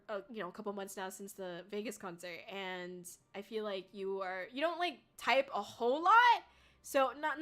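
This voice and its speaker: In a relaxed livestream, this young VTuber reads out viewer comments with a high, bright and forceful voice. She's bubbly and talkative, laughs a lot and curses mildly, and grows tearful when people thank her.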